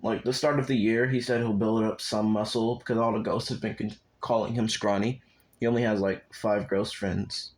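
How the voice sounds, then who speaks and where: A man's voice: on the low side, little pitch movement, normal speed, a little mellow, rough recording. A young man spins a fan story on the fly in a casual, unscripted way. He rambles, swears a lot and keeps stopping to talk straight to his viewers before picking the story back up. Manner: rambling and profane, with asides to viewers.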